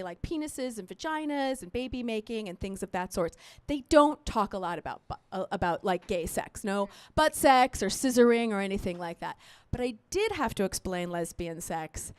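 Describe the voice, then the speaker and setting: A woman's voice: mid-range voice, dry recording. A woman in her thirties performing a crude, chatty stand-up comedy set, checking in with the crowd again and again. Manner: animated, chatty, crude storytelling with frequent "right?" and "you know what I mean?". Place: live comedy show at a resort.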